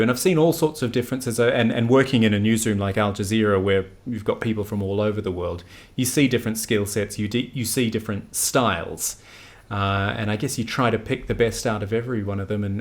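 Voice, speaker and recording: A man in his forties, a news anchor, talking in an interview in an animated, emphatic way, often correcting himself mid-sentence. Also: on the low side, a little fast. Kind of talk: conversational interview.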